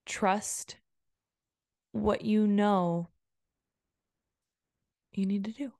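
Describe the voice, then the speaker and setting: A woman's voice: mid-range voice, steady tone, extremely slow, pauses often, a little mellow, dry recording, studio quality. A woman coach talking casually on her own podcast, rambling and repeating phrases as she quotes her own self-talk. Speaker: personal development coach and podcaster. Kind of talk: casual solo podcast monologue.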